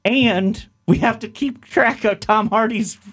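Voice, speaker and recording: A man in his thirties co-hosting a sports radio show, animated and laughing often as he riffs on bits. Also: sits high, unhurried, husky. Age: 30s. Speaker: radio co-host. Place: radio studio.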